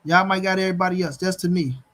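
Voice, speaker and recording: Boxing livestream host, man, high-pitched, blunt and profane, hammers each point home. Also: quick pace, fairly bright tone. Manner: blunt, profane, talks straight to viewers; repeats his points for emphasis. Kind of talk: livestream commentary rant.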